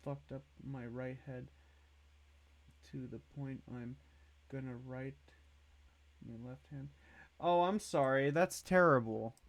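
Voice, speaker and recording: A man's voice: medium pitch, slow pace, pauses often. A man hosting a livestream, chatting casually in a rambling way and greeting and thanking viewers in the chat. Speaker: livestream host.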